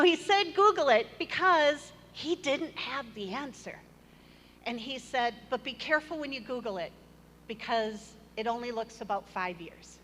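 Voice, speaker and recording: A woman's voice: fairly high pitch, a bit bright. Earnest woman telling her faith story. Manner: earnest storytelling with self-deprecating humor. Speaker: church member sharing her testimony. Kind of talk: personal testimony in church. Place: church hall. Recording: long hall reverb, faint room noise.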